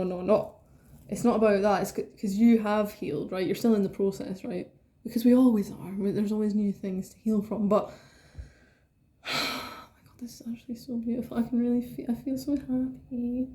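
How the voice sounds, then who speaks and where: Excitable swearing woman reading tarot. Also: mid-range voice. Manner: excitable, swears freely, rambling asides. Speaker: tarot reader. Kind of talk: casual tarot reading to camera.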